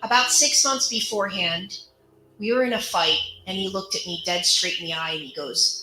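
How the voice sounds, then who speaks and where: A woman's voice: mid-range voice, normal speed, pushed and bright, faint music behind. A woman candidly telling the story of her own life in a personal, conversational monologue. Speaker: survivor sharing her story. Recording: roomy echo.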